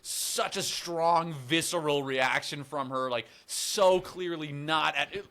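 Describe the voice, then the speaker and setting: A man's voice: on the high side, slow pace, sharp tone. A man co-hosting a podcast, talking bluntly and casually about a reality show, often repeating words. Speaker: podcast co-host. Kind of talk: casual recap chat.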